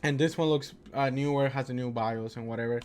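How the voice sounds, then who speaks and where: A man's voice: medium pitch, steady tone, brisk, a little mellow, smooth. A young man telling a casual storytime rant, exasperated, peppering his talk with "dude" and acting out his phone calls. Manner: exasperated, says "dude" a lot, acts out quoted calls. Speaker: gaming PC vlogger.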